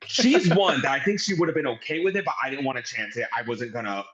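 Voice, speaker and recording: A man co-hosting a podcast, telling a story in casual chat with animated, profane delivery. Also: medium pitch, fast talker, dull audio. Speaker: podcast co-host.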